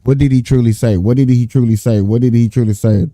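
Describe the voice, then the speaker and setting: A man's voice: medium pitch, fairly even intonation, fast, dark tone, no echo. A man talking in a profane, emphatic casual monologue, repeating his points in heavy slang. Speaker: streamer and political commentator.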